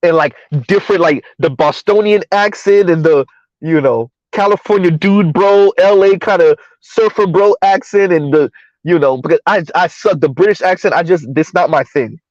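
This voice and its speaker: A man's voice: sits high, normal speed, a little mellow, dry recording, dull audio. A man hosting a live stream in casual commentary, mocking and sarcastic as he answers his chat.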